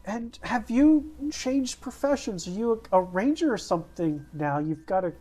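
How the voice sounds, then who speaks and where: A woman's voice: medium pitch, animated, normal speed, dark tone. A woman in tabletop role-play banter, teasing and asking a string of pointed questions. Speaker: player in a tabletop game.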